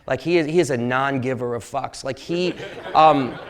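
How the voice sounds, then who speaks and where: A man's voice: medium pitch, moderate pace. Rambling storyteller man in a lecture hall. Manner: rambling, jokey, with many fillers and restarts. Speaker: sportswriter giving a public talk. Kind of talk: casual storytelling talk to an audience.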